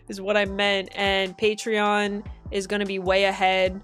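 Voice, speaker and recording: A woman's voice: mid-range voice, level tone, measured pace, hardly any pauses, clear, resonant tone, soft background music. A young woman hosting a reaction stream. She talks in a blunt, profane and chatty way as she comments casually.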